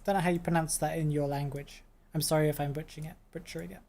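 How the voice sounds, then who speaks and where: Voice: medium pitch, steady tone, fast talker, creaky, darkish tone. A game streamer chatting on a live stream, thinking aloud, answering chat and laughing often. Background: background stream music.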